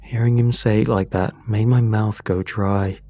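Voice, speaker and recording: Low dark male voice reading creepy stories slowly, dry close mic, faint music under it. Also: fairly even intonation, no room sound. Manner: slow, measured storytelling. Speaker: narrator. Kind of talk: scripted horror narration.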